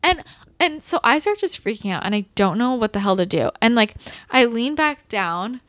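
A woman's voice: on the high side, moderate pace, no room sound. A young woman telling a dramatic story in casual chat, full of "like" and restarts. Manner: animated, fillers of "like", dramatic retelling. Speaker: storyteller guest.

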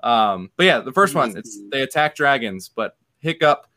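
Man, casual movie chat, lively pitch, easygoing, self-correcting. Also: normal speed.

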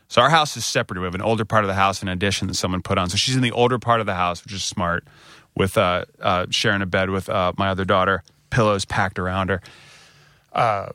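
A man in his thirties with an American accent, co-hosting a podcast and telling a personal story candidly, getting animated when he quotes people. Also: sits low, fast, no echo, studio quality. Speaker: podcast co-host. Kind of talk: casual storytelling chat.

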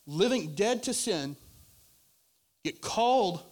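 A male pastor preaching a sermon in a conversational way, rising to loud emphasis and dropping to quiet asides. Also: sits high, lively intonation, takes it slowly.

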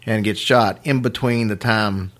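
A man hosting a podcast, telling a story in casual chat with lively asides and chuckles. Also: fairly low pitch. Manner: animated, quick asides and chuckles. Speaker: podcast host.

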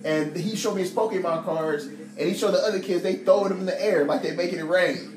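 A young man from Ohio co-hosting a podcast, telling stories in a loud, profane, animated way and laughing often. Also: high-pitched, brisk. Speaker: podcast co-host. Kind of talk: casual chat. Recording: echoey room with music behind.

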